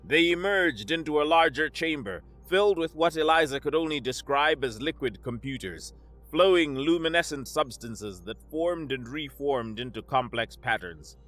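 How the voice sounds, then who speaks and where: A man narrating a sci-fi story in a steady, measured, scripted reading. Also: a little high, faint music behind.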